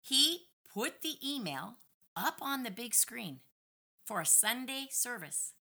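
Brief: middle-aged woman guest, very bright, forceful voice, animated and indignant storytelling. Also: a little high, slow pace. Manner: animated, indignant retelling with lively acted-out quotes. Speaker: podcast guest. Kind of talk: casual storytelling conversation.

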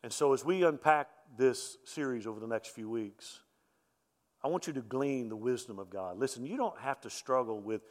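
A middle-aged man with a drawl delivers a Sunday sermon in a loose, conversational way. He stumbles over and repeats his words as he talks, at an ordinary middle pitch for a man. His voice rings out with a long reverb from a large church hall. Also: moderate pace. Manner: conversational preaching with frequent word repetitions. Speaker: pastor. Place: church sanctuary.

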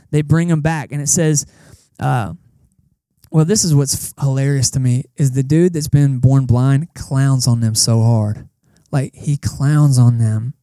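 A young man preaching a casual, animated sermon at a church service, acting out the people in the story as he goes. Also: mid-range voice, no room sound. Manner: animated, conversational preaching with acted-out quotes. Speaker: pastor. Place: church service in a cinema auditorium.

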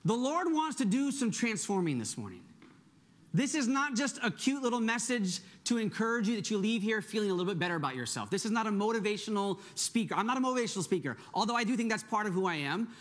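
Middle-aged pastor guy preaching, pretty high voice, chatty and upbeat, keeps asking the room "right?". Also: fast talker. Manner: energetic, conversational, asks the congregation "right?". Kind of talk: sermon.

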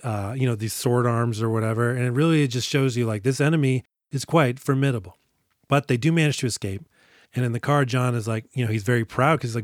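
A man's voice: mid-range voice, no room sound, studio quality. A man co-hosting a casual movie podcast, recapping scenes in a jokey, profane way and acting out lines. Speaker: podcast co-host.

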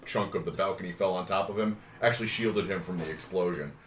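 Super deep-voiced dude playing a tabletop game, chill and jokey, roomy echo. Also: male voice, fast talker, fairly bright tone, a little hiss or hum. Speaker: player. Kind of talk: casual tabletop game play. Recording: roomy room sound.

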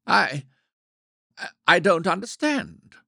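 A man reading the part of a flustered but self-assured gentleman in an audiobook, blustering and fussily soothing. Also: mid-range voice, sing-song, normal speed, vocal fry, no echo, studio quality, exaggerated voice. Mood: fussy.

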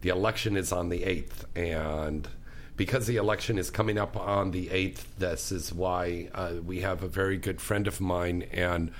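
A man's voice: low-pitched, steady tone, normal speed, a little hiss or hum. Effusive talk radio host, a man. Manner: effusive, chatty, enthusiastic. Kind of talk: casual talk radio hosting.

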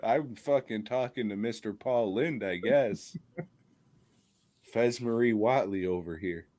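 A man's voice: lowish voice, slow pace, darkish tone. A man co-hosting a podcast, ranting profanely in casual comedic chat and laughing often. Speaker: podcast co-host.

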